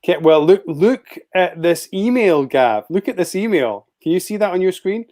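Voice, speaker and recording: A man's voice: high-pitched, animated, moderate pace, darkish tone. A man co-hosting a podcast, trading laid-back, jokey banter in casual chat over a remote call. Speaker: podcast co-host.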